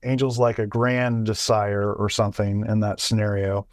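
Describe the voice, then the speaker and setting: A man's voice: on the low side, little pitch movement, normal speed, a little mellow, no echo, studio quality. A man co-hosting a podcast in casual chat, talking in bursts full of restarts and repeated words. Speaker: podcast co-host.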